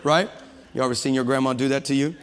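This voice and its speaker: A man preaching an energetic sermon as a guest pastor, acting out voices and calling out to the congregation. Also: medium pitch, very fast, some chatter behind. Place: church sanctuary with long reverb. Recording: reverberant church hall.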